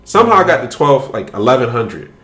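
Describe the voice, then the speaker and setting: A man's voice: mid-range voice, sing-song, fairly quick, fairly bright tone, roomy sound. A man hosting a podcast, telling a story in casual, profane chat and laughing as he goes. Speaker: podcast host.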